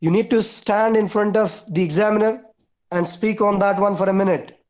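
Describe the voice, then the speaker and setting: High-voiced teacher. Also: male voice, steady tone, moderate pace, darkish tone. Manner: instructive, lists points and repeats key words. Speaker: English teacher. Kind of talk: online class instruction. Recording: dull lo-fi online call audio.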